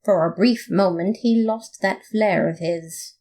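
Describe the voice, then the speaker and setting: A woman reading a comic fan story aloud in playful, expressive first-person narration. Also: medium pitch, measured pace, a little hiss or hum. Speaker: podfic reader.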